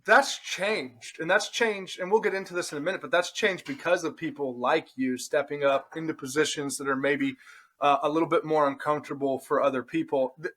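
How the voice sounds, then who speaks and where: Higher-voiced man hedging his points. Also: fairly even intonation, a little fast, fairly bright tone. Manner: hedging, qualifies his points, tags lines with "right?". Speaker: podcast host. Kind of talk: casual interview chat.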